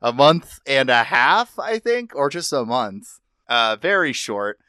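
A man from the UK co-hosting a podcast, making quick, dry jokes in casual chat. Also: medium pitch, big pitch swings, sharp tone, clean tone, no room sound. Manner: dry, jokey, quick asides. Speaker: podcast co-host.

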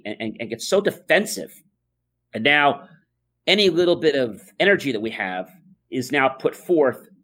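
A man hosting a talk show, speaking earnestly and calmly, with many uh and um fillers as he tells stories. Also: medium pitch. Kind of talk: casual podcast talk.

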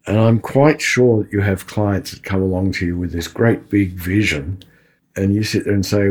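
Older man, very low voice, blunt and plain-spoken interviewer. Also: normal speed, a little mellow. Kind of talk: casual interview questions.

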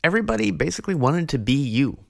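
Slow mock-solemn old monk, wry teacher, as a man puts him on, dry sound. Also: mid-range voice, animated, vocal fry, no echo, voice pushed up. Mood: mock praise.

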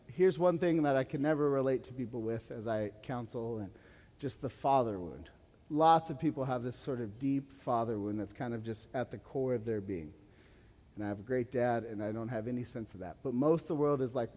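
A man in his thirties preaching a sermon as pastor, animated, swinging from urgent emphasis to quiet asides with casual fillers. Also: mid-range voice. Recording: long hall reverb.

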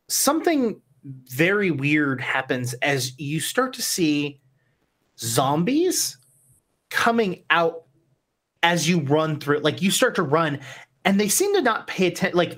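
A woman narrating a tabletop game as game master, unhurried and descriptive, with many fillers. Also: sits low.

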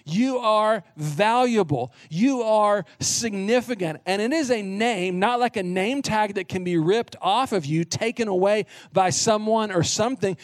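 Middle-aged guy preaching, kinda high voice, earnest and punchy, dry close sound. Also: no echo. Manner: earnest, emphatic preaching with short repeated phrases. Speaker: pastor. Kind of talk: sermon.

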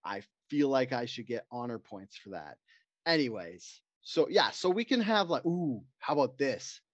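A man's voice: mid-range voice, sing-song, normal speed, dry recording. Joking man, dull dry audio. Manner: crude, joking storyteller who puts on voices. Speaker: podcast co-host. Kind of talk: casual podcast banter.

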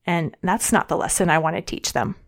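A woman's voice: on the low side, a little fast, vocal fry. A middle-aged woman reading her audio blog as a podcast host, cheerful and earnest.

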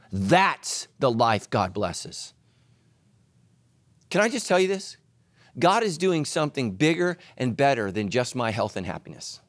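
A man preaching a sermon as pastor, telling stories with humor and swinging between loud emphasis and hushed asides. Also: mid-range voice, big pitch swings, measured pace, no room sound.

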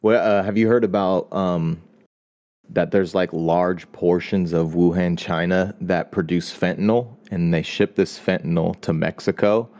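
A man as a guest in casual podcast chat, speaking haltingly with many fillers. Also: low voice, steady tone, darkish tone. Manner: hesitant, halting, filler-heavy.

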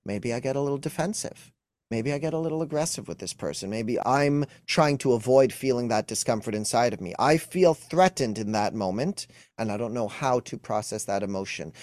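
A young adult man speaks as an emotional wellness coach in an interview, earnest and explanatory. His voice sits at an ordinary middle pitch. The recording is dry, with no room sound. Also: darkish tone, no echo. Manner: earnest, explanatory, acts out quoted dialogue.

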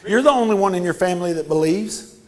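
A preacher voicing a gloating, taunting devil. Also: male voice, high-pitched, animated, quick pace. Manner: taunting, scornful. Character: mocking, gloating male devil.

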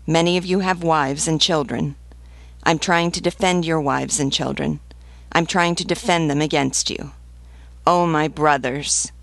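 Solemn pleading priest, read by a woman, slow measured speech, gravelly edge, dry close sound, storybook reading. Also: deep voice, steady tone, no room sound. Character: stern male revolutionary priest pleading.

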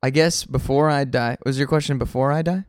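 A man's voice: mid-range voice, smooth, no echo, clean studio sound, natural voice. A man playing an odd, earnest young hacker. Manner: halting, apologetic, deadpan earnest. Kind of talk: improvised comedy podcast.

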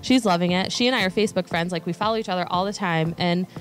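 A woman speaking at a conference, chatting with the audience and telling stories with lively quoted voices. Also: on the low side, fast talker, faint music behind. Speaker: conference speaker on law firm marketing. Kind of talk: conference talk with audience questions. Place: conference room.

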